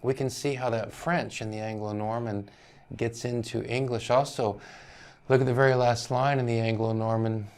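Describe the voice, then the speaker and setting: A man's voice: mid-range voice, fairly even intonation, normal speed, darkish tone. A male university teacher giving a lecture on language history, explaining patiently, often checking in with "right?" and hedging over foreign pronunciations.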